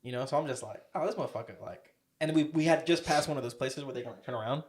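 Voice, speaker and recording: A man's voice: mid-range voice, fast. A young man co-hosting a podcast, telling a story in a casual, profane, rambling way. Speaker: podcast co-host.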